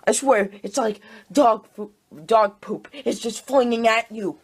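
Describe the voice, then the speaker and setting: A woman's voice: on the high side, steady tone, measured pace, breathy edge. A woman ranting in a casual movie review, exasperated and repeating herself. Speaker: video reviewer.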